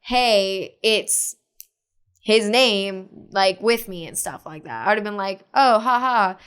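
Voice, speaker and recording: A woman's voice: medium pitch, takes it slowly, clear, resonant tone. A young woman, a podcast guest, casually telling a story with lots of fillers and acting out what others said. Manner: animated retelling with many fillers, acting out others' lines.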